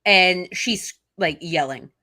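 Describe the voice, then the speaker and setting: A woman's voice: lowish voice, slow pace, sharp tone. A woman co-hosting a casual stream, chatty and hesitant, with many fillers. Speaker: stream co-host.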